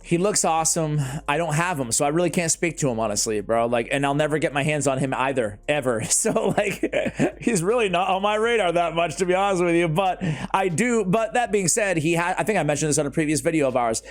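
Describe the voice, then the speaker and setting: A man's voice: on the high side, animated, fairly quick, hardly any pauses, soft background music. A man hosting a casual gaming chat, rambling with lots of fillers and laughing often. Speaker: YouTube gaming channel host.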